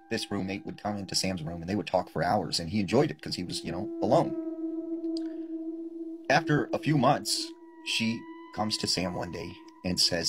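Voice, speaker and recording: A man casually telling a creepy story, full of fillers like "you know" and "like.". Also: lowish voice. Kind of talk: spoken scary story telling. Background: music.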